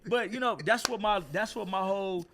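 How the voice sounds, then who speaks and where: A comedian guest in a casual interview, this man tells stories in an animated way, laughing as he goes. He shouts the punchlines and drops low and quiet when he turns reflective, speaking a little fast over crowd noise.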